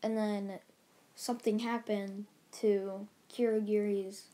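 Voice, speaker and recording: Flat, mellow-voiced woman retelling a story. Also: medium pitch, slow. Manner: rambling, loose retelling with many restarts and "like"s. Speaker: channel host. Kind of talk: casual storytelling recap.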